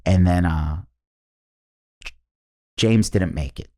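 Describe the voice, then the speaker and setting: Male comedian guest, very low voice, rambling casual storyteller. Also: slow pace. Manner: rambling, animated storyteller, laughs mid-story.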